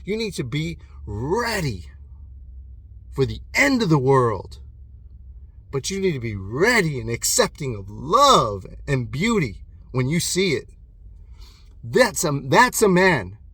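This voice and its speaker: A man in his thirties giving an impassioned, profane motivational monologue alone in his room, swinging between loud bursts and hushed intensity. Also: fairly high pitch, big pitch swings, slow pace, pauses often, slightly rough, no echo. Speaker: motivational vlogger.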